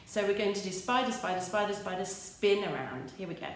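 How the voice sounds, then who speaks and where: A woman's voice: medium pitch, expressive, fairly quick, far from the mic, slight background noise. An English woman, an early years teacher, leading young children through simple action songs in a sing-song, encouraging way. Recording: echoey room with light music.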